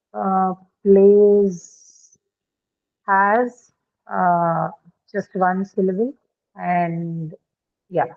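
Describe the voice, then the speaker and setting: Over tinny, phone-like call audio, a woman with a fairly low voice gives an online phonetics lesson. She explains pronunciation rules, keeps asking whether the class is following, and fills her pauses with lots of fillers as she goes through each example.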